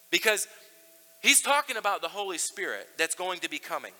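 A male pastor preaching in a casual, conversational way, stumbling and restarting now and then. His voice sits high and rings very bright. A long church-hall reverb trails after his words. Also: big pitch swings, brisk. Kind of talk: sermon.

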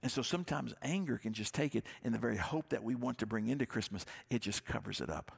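A man preaching a sermon, his voice gravelly with a husky edge. He speaks as a pastor in an earnest, conversational way and circles back on his own phrases. His pitch sits at an ordinary middle level for a man. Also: expressive, quick pace.

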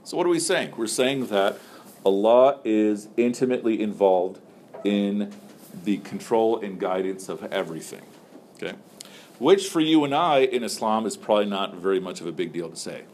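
A lower-pitched man teaches at a normal speed, joking with his class and asking students questions in a loose, conversational style packed with "so" and "like." A faint hiss lies beneath his voice.

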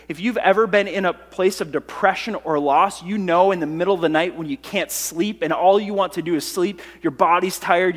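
A man with a high voice preaching a sermon. He talks earnestly, stacking emphatic repeated lists and restarting phrases as he goes. A long hall reverb trails his words. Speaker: pastor.

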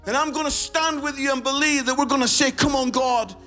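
A Scottish man preaching a fervent sermon in a church, rising to shouts and telling stories full of quoted dialogue. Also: extremely high pitch, steady tone, fast talker, soft background music. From Scotland. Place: church service.

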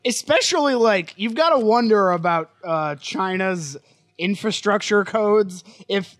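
A man's voice: sits high, expressive, unhurried, a bit bright, no room sound. A man co-hosting a podcast, chatting casually and wryly about a movie, recounting its scenes with amusement. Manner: wry, amused, recounting scenes with mock quotes. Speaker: podcast co-host. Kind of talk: casual movie-review chat.

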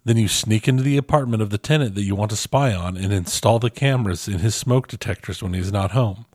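A man's voice: on the low side, fast talker, darkish tone, dry recording. A man co-hosting a casual podcast, chatting and reading a listener's review aloud with dry, self-deprecating asides. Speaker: podcast co-host.

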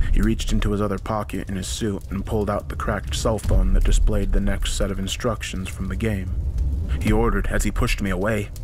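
A man narrating a horror story in a dramatic, measured storytelling style. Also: fairly low pitch, background noise.

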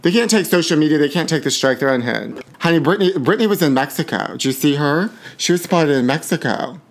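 A man's voice: on the high side, lively intonation, brisk. Sassy campy man gossiping. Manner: flamboyant, sassy, calls listeners honey. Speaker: podcast host. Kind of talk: campy celebrity gossip monologue.

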